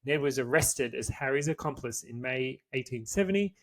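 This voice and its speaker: A man's voice: mid-range voice, expressive, moderate pace, fairly bright tone. A man co-hosts a chatty podcast, reading a history story aloud in a mid-range voice. Between passages he drops into loose, offhand banter and swears freely. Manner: casual, swears freely, reads from notes. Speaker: podcast co-host.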